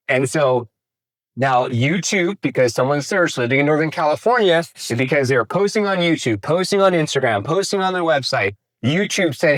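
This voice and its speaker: A man giving a casual, energetic workshop talk on real estate marketing, asking the audience questions and swearing now and then. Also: mid-range voice, a little fast. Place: room with a live audience.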